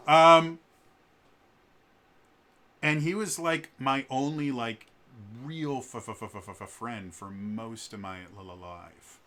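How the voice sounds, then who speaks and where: A man's voice: lowish voice, pushed and bright. A man in his thirties telling a personal story in a casual, hesitant way, with frequent stammers and restarts. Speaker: vlogger.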